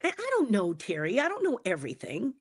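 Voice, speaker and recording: A man's voice: sits high, huge pitch swings, fairly quick, husky, heavily acted. A woman voicing a hesitant, flustered male office supervisor.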